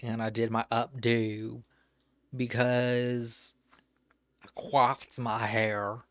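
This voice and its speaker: Male streamer, mid pitch, offhand rambling, casual swearing, close desk mic in a dry room. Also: level tone, extremely slow, a bit bright, no room sound. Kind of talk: casual live-stream chat.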